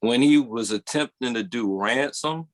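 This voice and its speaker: A man with a medium-pitched voice and a measured pace co-hosts a podcast in casual chat. He rambles, restarts his thoughts, and hedges with "or whatever."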